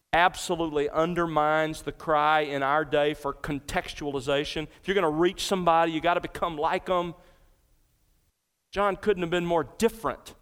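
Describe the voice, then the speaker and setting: A man's voice: a little high, a bit bright, clear, resonant tone. A man preaching an expository sermon as pastor, earnest and emphatic, asking the congregation rhetorical questions. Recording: large hall with long reverb.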